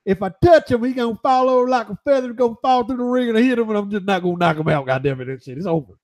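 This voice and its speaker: Guy doing a cocky boxer voice, high and loud, trash talking. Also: fast talker, close to an everyday voice. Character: brash boastful heavyweight boxer man.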